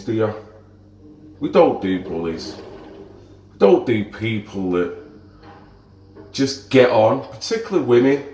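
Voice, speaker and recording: A man's voice: medium pitch, expressive, slow, long pauses, echoey room, faint music behind, low-quality recording. A man vlogging, ranting to the camera in an indignant, lecturing way.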